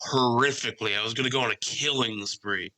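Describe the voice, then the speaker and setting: Bright-voiced man telling rowdy stories. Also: mid-range voice, fairly quick, rough recording. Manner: animated storyteller, swears freely, mimics voices. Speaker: podcast co-host. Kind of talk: casual podcast chat.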